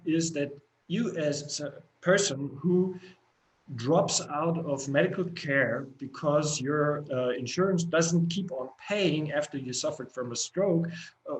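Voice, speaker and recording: A man's voice: a little high, poor audio. Chatty rambling middle-aged man. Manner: chatty, rambling, frequent fillers and restarts. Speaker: company co-founder and CEO. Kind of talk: casual spoken interview.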